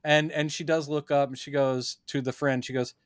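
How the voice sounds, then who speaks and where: A man's voice: on the high side, little pitch movement, normal speed, dry recording, studio quality. A man, a podcast co-host, chatting casually as he recaps a film and acts out the characters' lines in funny voices.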